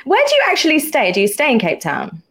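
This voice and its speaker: A woman hosting a podcast, telling stories in a giggly, animated way. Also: sits high, quick pace. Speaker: podcast host. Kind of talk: casual interview chat.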